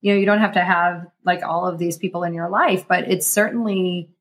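A woman talking as a guest in a casual interview, energetic and motivational as she explains her coaching. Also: fairly low pitch. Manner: energetic, motivational, quick bursts. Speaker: guest, emotional intelligence coach.

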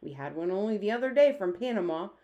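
A woman's voice: mid-range voice, animated, fast, natural voice. A woman doing a blustering army general. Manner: bluff, impatient, loud. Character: blustering male army chief, gruff and impatient.

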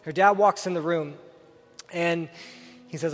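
A man's voice: a little high, steady tone, brisk. Earnest preacher man in a reverberant hall. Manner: earnest, asks the listeners direct questions. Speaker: pastor. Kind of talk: sermon with storytelling and prayer. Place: church sanctuary. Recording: reverberant hall with faint music.

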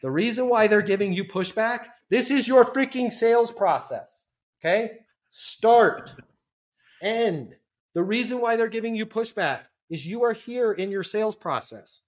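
A man's voice: high-pitched, animated, unhurried. A man talking as a sales trainer on a podcast, emphatic and casual, acting out sales calls and swearing now and then. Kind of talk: energetic podcast coaching.

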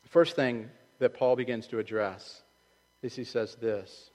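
A man's voice: medium pitch, fairly even intonation, a little slow, darkish tone, big-room sound, poor audio. A man preaching a sermon as pastor, in a loose conversational way that acts out the voices he quotes. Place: church sanctuary.

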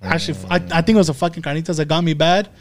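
A man's voice: a little high, steady tone, racing. A man co-hosting a podcast, telling a long, profanity-heavy story in casual chat. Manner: profane, rambling, repeats "dude" and "fucking". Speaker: podcast co-host. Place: currently in Mexico, joining remotely.

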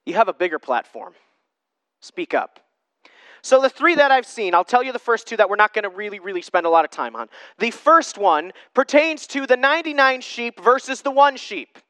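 A man's voice: very high voice, lively intonation, brisk, hardly any pauses, pushed and bright, smooth, dry recording. A man preaching an informal sermon in an emphatic way, repeating rhetorical questions to drive his points home. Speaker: Christian preacher.

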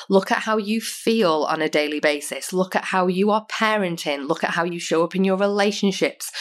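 An English woman with a slightly low voice speaks to her listeners as a motivational coach. She is earnest and emphatic, and she keeps coming back to repeated rhetorical questions. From United Kingdom. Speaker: podcast host and personal coach. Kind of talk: motivational podcast monologue.

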